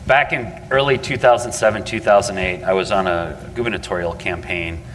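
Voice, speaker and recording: A man's voice: low-pitched, brisk, a bit bright, slight background noise. A man who is a campaign consultant telling a chatty story on a panel and laughing at his own asides. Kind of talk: panel discussion, anecdote. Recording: long reverb in a large hall.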